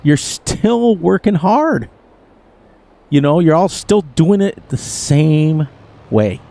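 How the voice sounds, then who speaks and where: A man's voice: on the high side, very animated, slow, creaky, dark tone. A middle-aged man chatting casually to his audience on a live gaming stream, rambling and chuckling as he plays. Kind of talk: casual live-stream chat while playing a farming game.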